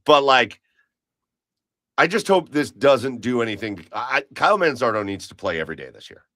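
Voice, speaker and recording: A man's voice: medium pitch, sing-song, moderate pace, fairly bright tone, no room sound. A man co-hosting a podcast, chatting casually about baseball in a rambling way, full of restarts. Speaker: podcast co-host. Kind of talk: casual sports chat.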